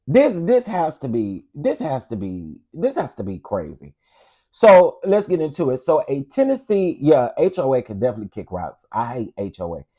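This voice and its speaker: A man hosting an online commentary show, ranting emphatically and sassily. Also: mid-range voice. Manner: loud, emphatic, sassy.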